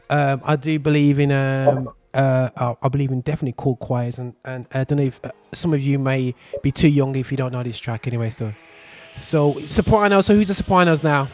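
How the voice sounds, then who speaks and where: A man hosting a casual chat, affirming the guests with frequent responses and lively talk. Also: mid-range voice, dry recording. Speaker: host.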